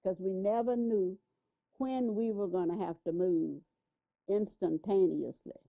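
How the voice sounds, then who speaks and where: A woman's voice: medium pitch, a little slow, gravelly. An older woman recalling past events in an interview, telling her story unhurriedly with small hesitations and restarts. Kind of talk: spoken recollection. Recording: tinny, dry archival phone-like recording.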